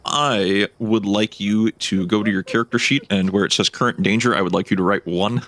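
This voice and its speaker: A man narrating as game master of a tabletop game, halting with many fillers. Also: lowish voice, steady tone, a bit bright.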